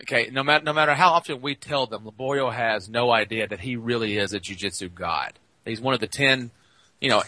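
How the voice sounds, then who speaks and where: A man who coaches jiu-jitsu, telling rambling, animated anecdotes in a casual podcast chat. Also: on the low side, no room sound.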